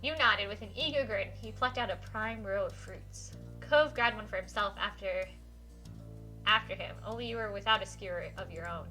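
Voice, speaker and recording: Brief: woman game streamer, bright tone, fairly high voice, giggly read-aloud, faint music behind. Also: moderate pace. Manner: giggly, animated, reads text aloud and reacts. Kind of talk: live-streamed visual novel playthrough, reading aloud.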